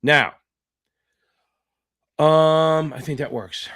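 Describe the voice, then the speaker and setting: Man as a laid-back, profane finance tutor running a live Q&A; slightly high voice, jokes between explanations. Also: extremely slow, fairly bright tone. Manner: casual, joking, swears freely; reads out viewer names, chatty asides. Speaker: exam tutor. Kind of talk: live online Q&A lesson.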